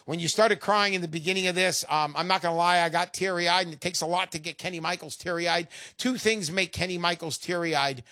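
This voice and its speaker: Loud salesy radio host guy, high bright voice, dry studio sound. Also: fairly even intonation, brisk, few pauses, no room sound. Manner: brash salesy showman, loud bursts. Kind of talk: call-in radio talk.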